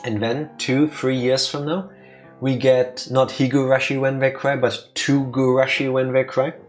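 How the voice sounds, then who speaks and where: A man's voice: medium pitch, flat delivery, measured pace, soft background music. A man co-hosting a let's play in casual, playful chat, teasing his partner.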